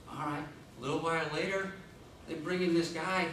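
A man giving a humorous contest speech, telling a comic story in an animated way. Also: fairly high pitch, fairly quick. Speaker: contest speaker. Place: meeting room. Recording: echoey room, distant mic, noise.

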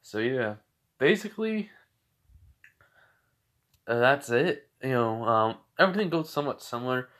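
Young male storyteller, improvised and rambling, filler-heavy, mid pitch. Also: animated, moderate pace, pauses often, fairly bright tone. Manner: rambling, full of fillers and self-corrections. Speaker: fan fiction storyteller.

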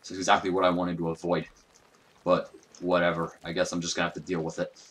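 A man's voice: deep voice, completely flat delivery, quick pace, fairly bright tone. A young man giving casual, profane, self-mocking commentary while playing a video game. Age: young adult. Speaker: gaming YouTuber. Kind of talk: let's play commentary.

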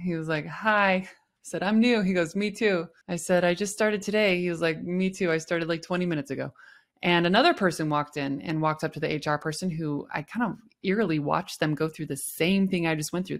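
Her voice sits low as this young woman, a podcast host, recounts something that happened at work. She performs the quoted lines with changing tones.

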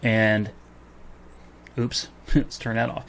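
Unhurried yet heated, a man with a medium-pitched voice and fairly even intonation vents to camera about getting a phone refund. This vlogger swears as he retells his run-in with a store clerk, replaying the dialogue.

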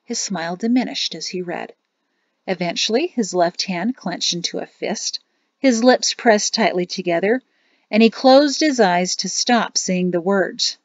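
A woman, a teacher, reading a storybook aloud at home in a steady, plain narration. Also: on the low side, normal speed, vocal fry, no echo. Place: home closet. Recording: dull lo-fi, dry closet sound.

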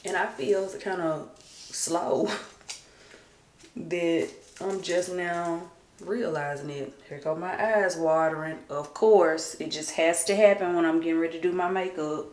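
A woman in her thirties chatting casually to camera at home as a vlogger, rambling and chatty and sometimes dropping into hushed asides. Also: lowish voice, fairly even intonation, measured pace, a little hiss or hum. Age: 30s. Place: at home getting ready. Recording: roomy echo.

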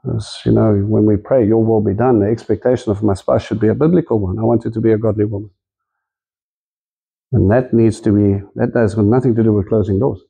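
A man's voice: fairly low pitch, steady tone, fairly quick, gravelly, warm tone, slightly rough. A man preaching a sermon in a conversational, storytelling way, acting out the quotes in his stories.

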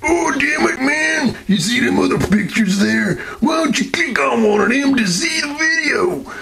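A man putting on a shrill, exasperated cartoonish voice, shouting. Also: lively intonation, a little slow, creaky, a crowd in the background, exaggerated voice.

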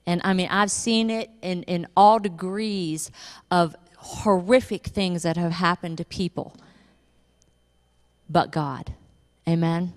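A woman pastor preaching a sermon, telling a funny story with lively, animated delivery and laughter. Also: fairly low pitch, takes it slowly. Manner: animated storytelling, laughing at her own stories. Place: church. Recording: reverberant church hall.

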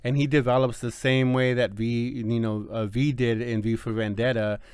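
A man's voice: medium pitch, flat delivery, normal speed, darkish tone, smooth, no echo, clean studio sound. A man giving a casual, rambling movie review, full of fillers and restarts.

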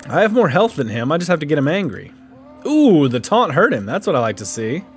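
A man's voice: a little high, very animated, fairly quick. A man casually commentating his own gameplay, joking and reacting playfully. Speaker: gaming YouTuber. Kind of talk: casual let's-play commentary.

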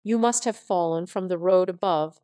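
A woman's voice: lowish voice, moderate pace, warm tone, no room sound, natural voice. A synthetic-voiced woman reading the part of an awkward young man who stammers and turns teasing. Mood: hesitant. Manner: stammering, then carelessly teasing.

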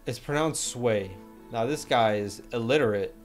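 A man's voice: medium pitch, normal speed, soft background music. A young man casually chatting on a livestream, joking, using slang and reading chat messages aloud.

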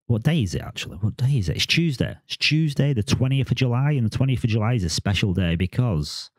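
A man's voice: medium pitch, animated, fast, dry recording. A man, talking to camera in a casual, rambling vlog monologue and often repeating words and restarting his sentences. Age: 40s. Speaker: crypto vlogger.

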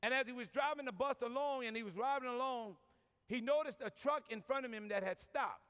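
Here the same New Orleans preacher sounds extremely high and bright, talking fairly quickly in a smooth yet forceful way. He jokes his way through a humorous, folksy sermon heavy on "y'all" before a huge audience, and the convention hall's long echo trails every line.

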